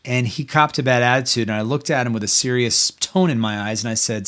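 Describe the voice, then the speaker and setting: A man's voice: medium pitch, a little fast, few pauses, fairly bright tone. Earnest, encouraging middle-aged man. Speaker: podcast host. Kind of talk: faith-based parenting talk.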